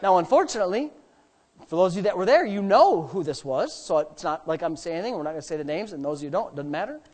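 Fast and sarcastic, a pastor preaches animatedly. His delivery keeps flipping between high, loud bursts and quiet asides.

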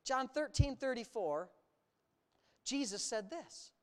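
A preacher delivers a sermon with a very lively, swooping pitch that rises and falls all the time. The delivery is emphatic and animated, drawing out key words and slipping in sarcastic asides. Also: slow pace.

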